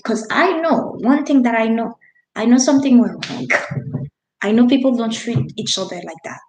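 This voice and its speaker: A woman's voice: on the high side, animated, normal speed, a little mellow, echoey room, low-quality recording. A woman from Haiti, in her thirties, telling a personal story in an earnest, emphatic way, with restarts and non-native grammar. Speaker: vlogger.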